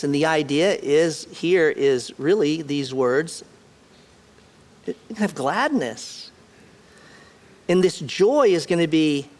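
A man's voice: fairly high pitch, darkish tone. A man preaching a sermon in a conversational way, repeating key words and putting questions to the congregation. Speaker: pastor.

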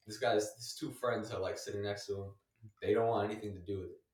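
A young man telling a story in a casual chat, full of filler words, laughing often and going higher when he quotes people. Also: fairly even intonation, fast, a little mellow, reverberant, far from the mic.

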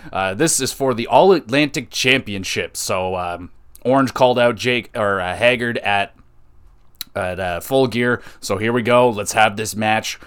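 A man hosting a podcast, reviewing wrestling shows in an excitable, casual way, laughing and swearing freely. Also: lowish voice, measured pace, clear, resonant tone. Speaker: podcast host.

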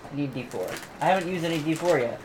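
A player at a tabletop game, speaking hesitantly with many pauses. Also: mid-range voice, lively intonation, noisy background. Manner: hesitant, many ums and uhs. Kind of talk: in-character play at a tabletop game.

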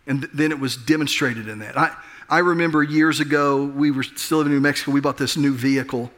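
Preaching at a fast clip, this middle-aged pastor shares a self-deprecating personal anecdote in a chatty manner, frequently starting over mid-thought. His voice is medium in pitch, fairly bright, and fairly even in intonation.

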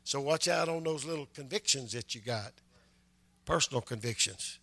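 An older man preaching a sermon, conversational and punctuated with amens, building to loud, emphatic passages. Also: medium pitch, moderate pace, vocal fry. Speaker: pastor.

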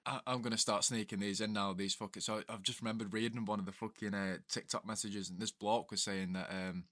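A man's voice: on the low side, fairly even intonation, a little fast, fairly bright tone, no echo, studio quality. A man, an ex-soldier co-hosting a podcast, telling laid-back sweary army stories in casual chat.

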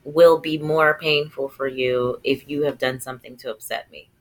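A woman's voice: a bass voice, fairly even intonation, moderate pace, crowd noise. A woman co-hosting a casual podcast, talking frankly and self-assuredly and laughing often. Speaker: podcast co-host.

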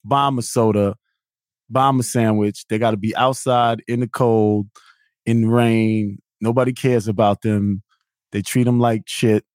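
A man's voice: fairly low pitch, steady tone, measured pace, a little mellow, dry recording, clean studio sound. Earnest man lecturing in casual chat. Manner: earnest, lecturing, repeats himself for emphasis. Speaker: podcast co-host, former mailman.

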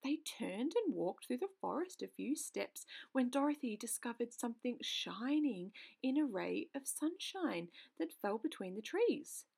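A woman's voice: a little high, big pitch swings, unhurried, gravelly, few pauses, darkish tone. Woman reading a children's story aloud. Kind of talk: read-aloud narration of a children's book.

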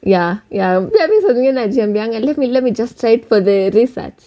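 A young woman with a Kenyan accent hosting a casual podcast chat, animated and swearing freely. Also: fairly high pitch, fairly quick. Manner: animated, swears freely, mixes English and Sheng. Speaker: podcast host.

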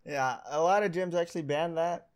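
A man chatting casually with a friend, easygoing and quick to laugh. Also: on the high side. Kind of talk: casual chat.

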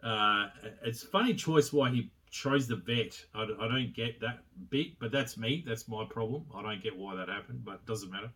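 A man's voice: lowish voice, moderate pace, few pauses, pushed and bright, distant mic. A man giving a rambling, casual film review, full of swearing, fillers and chuckles.

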